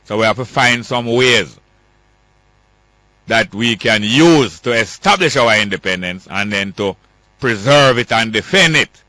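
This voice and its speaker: A man with a Jamaican accent hosting a call-in radio talk show, firm and quick to cut callers off. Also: on the low side, expressive, bright, forceful tone, no echo.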